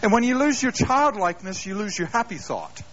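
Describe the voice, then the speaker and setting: A middle-aged man preaching a sermon, telling stories with self-deprecating humor and an animated delivery. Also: high voice, brisk. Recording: dull lo-fi live sermon tape.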